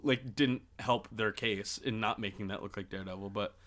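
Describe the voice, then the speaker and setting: A man's voice: on the low side, moderate pace, fairly bright tone. A young man co-hosting a podcast, chatting casually, joking and rambling with lots of filler words. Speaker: podcast co-host. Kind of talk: casual chat.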